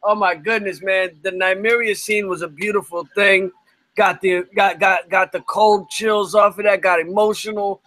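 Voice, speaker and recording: A man co-hosting a live stream, telling it in an excited, animated way while he is losing his voice. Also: high voice, normal speed, dry recording, poor audio. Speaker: co-host. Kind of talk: casual live-stream chat.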